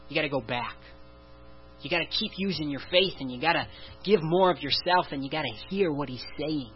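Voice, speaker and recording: A man preaching a sermon in an earnest way, asking the listeners question after question and sighing "oh" often. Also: a little high. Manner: earnest, repeats rhetorical questions, sighs "oh". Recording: dull lo-fi recording with faint mains hum.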